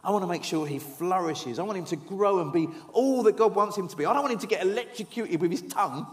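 A man in his forties preaching a sermon, telling stories with humour and dropping to soft, earnest tones. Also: sits high, fast. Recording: echoey hall.

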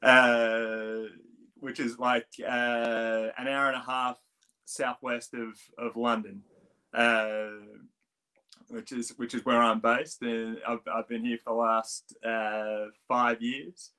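A man's voice: medium pitch, level tone, takes it slowly, sharp tone, clean tone. A middle-aged man with a strong Australian accent, a swim coach chatting as a guest, rambling with many restarts. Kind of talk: casual interview chat.

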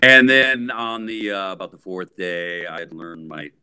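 A man in his sixties from the Bay Area, a rock guitarist telling a story in a casual interview, lively and full of fillers. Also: low voice, a little slow, clean tone. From San Francisco Bay Area, USA. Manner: animated, acts out voices, lots of fillers.

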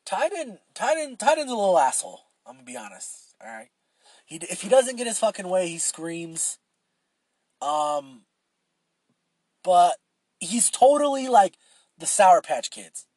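A man's voice: high voice, very animated, a little slow, long pauses, a little mellow, husky, no echo. A young man hosting a solo podcast, rambling casually with lots of swearing and filler words. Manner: rambling and profane, with frequent fillers and restarts. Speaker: podcast host.

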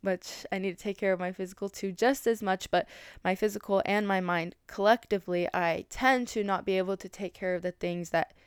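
A woman's voice: mid-range voice, steady tone, a little fast, clean tone, no room sound, studio quality. Rambling young woman podcaster. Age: 20s. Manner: rambling, many fillers and restarts. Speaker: podcast host. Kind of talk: casual solo podcast monologue.

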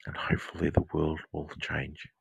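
Gravelly whispering Australian man, deep. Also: completely flat delivery, no echo, poor audio. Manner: slow, soft and soothing, repeating mantras. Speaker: counsellor and podcast host. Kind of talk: whispered guided meditation. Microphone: close to the mic.

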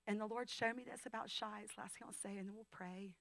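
A woman in her thirties giving a personal testimony as a guest speaker, intimate and emotional, dropping to whispers and rising to loud outbursts. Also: medium pitch, steady tone, fast, vocal fry, dry recording, low-quality recording. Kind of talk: testimony talk. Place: training school session.

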